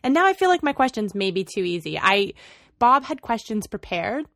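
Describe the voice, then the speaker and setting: A woman's voice: medium pitch, very animated, normal speed, vocal fry, a bit bright, no echo, clean studio sound. A woman co-hosting a podcast in casual chat, upbeat and chatty as she steers toward trivia. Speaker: podcast co-host.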